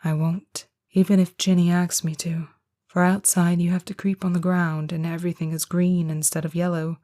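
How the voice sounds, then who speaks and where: A woman giving a whispered first-person audiobook narration, hushed and slow. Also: lowish voice, little pitch movement.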